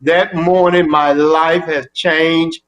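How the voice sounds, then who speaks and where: An older man as the interview guest, telling an animated story and acting out both sides of his phone calls. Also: a little high, slow pace, slight background noise.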